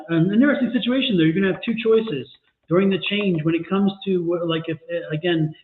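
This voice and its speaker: A man giving a tarot reading on a livestream, joking and explaining the cards in a rambling way. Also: fairly high pitch. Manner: jokey, rambling card explanations. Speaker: tarot reader. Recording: tinny phone-like line with echo.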